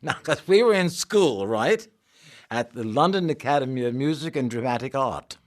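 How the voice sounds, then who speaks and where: An older man, an actor, telling lively stories in an interview and acting out the voices. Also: mid-range voice, moderate pace. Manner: animated, acts out voices in his stories. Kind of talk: anecdotal interview storytelling.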